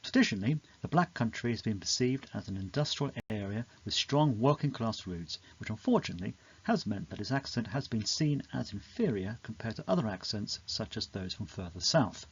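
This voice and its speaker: Male narrator for a study video, measured and explanatory, slightly dull lo-fi sound. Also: on the low side, lively intonation, slightly rough. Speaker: teacher explaining a poem. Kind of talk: scripted educational narration.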